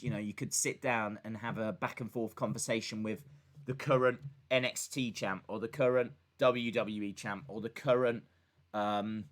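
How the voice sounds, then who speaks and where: A man hosting a casual live stream, rambling and joking as he reads out viewer messages. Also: mid-range voice. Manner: rambling and chatty, with many fillers and restarts; jokey, talking back to viewers and a voice assistant. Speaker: live-stream host reacting to wrestling and reading chat.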